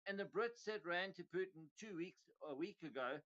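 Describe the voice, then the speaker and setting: A man's voice: high voice, lively intonation, normal speed, a bit bright. A middle-aged man hosting a crypto livestream, ranting casually in a profane, rambling, heated way. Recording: dull lo-fi sound.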